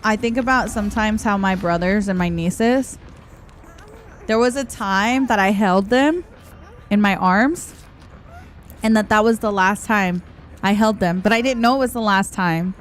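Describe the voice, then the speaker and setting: A woman's voice: mid-range voice, unhurried. A young adult woman streaming a game, chatting casually, answering her chat and laughing often. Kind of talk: casual live-stream chat while gaming. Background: soft background music.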